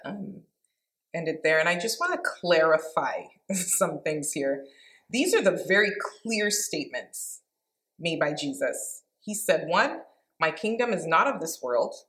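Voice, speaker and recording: An earnest woman with a slightly low voice, talking through a Bible passage in a relaxed, conversational way. She reads the verses aloud plainly, then reflects on them as if speaking to a small group. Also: slow. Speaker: Bible teacher. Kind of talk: informal devotional Bible teaching with scripture reading.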